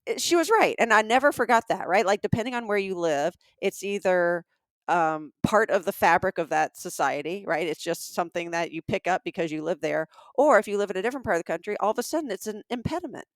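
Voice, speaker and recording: A woman's voice: medium pitch, expressive, fast, no room sound, clean studio sound. A woman with a Southern US accent, co-hosting a comedic podcast and telling stories in a chatty way with frequent ums. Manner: chatty storyteller, trails off with ums. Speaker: podcast co-host. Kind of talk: casual comedic chat.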